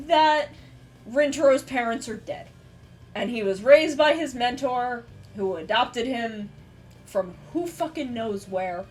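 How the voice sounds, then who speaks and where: High-pitched woman streamer rambling, swears a lot, lots of ums, faint music behind. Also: unhurried. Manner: animated, swears freely, many fillers. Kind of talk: casual stream chat.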